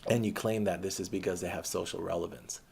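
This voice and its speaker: A man's voice: low-pitched, steady tone, fast talker, vocal fry, a little mellow, breathy edge. A man delivering an impassioned political monologue, ranting with frequent restarts and hesitations. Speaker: political commentator.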